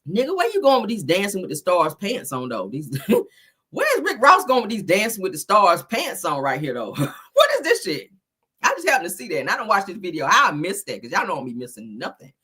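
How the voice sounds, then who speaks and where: A woman commenting on celebrity news in a sassy, profane way, her voice bright and slightly husky. Her pitch jumps around a lot as she riffs. She talks loosely and casually, like she is chatting with friends. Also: wildly swooping pitch, fairly quick. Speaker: commentary host.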